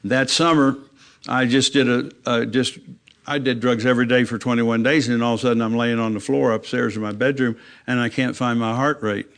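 A man's voice: flat delivery, brisk, fairly bright tone. An older man giving a testimony from the pulpit in a plain, down-to-earth way. He tells his story with the back-and-forth talk in it, and his voice climbs when he gets worked up. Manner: plain-spoken storytelling, acting out his own dialogue with rising pitch when emotional. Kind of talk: personal testimony in a church talk.

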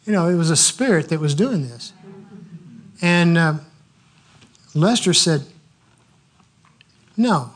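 A man preaching a sermon, telling stories in an animated way and laughing heartily as he acts them out. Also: fairly high pitch, takes it slowly, long pauses. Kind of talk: sermon with storytelling.

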